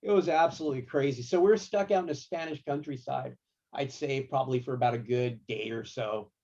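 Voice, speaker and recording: A man working as a guitar tech, telling tour stories in a casual, slangy, animated way. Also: medium pitch, brisk, muffled recording. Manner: animated, laid-back, slangy. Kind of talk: casual storytelling.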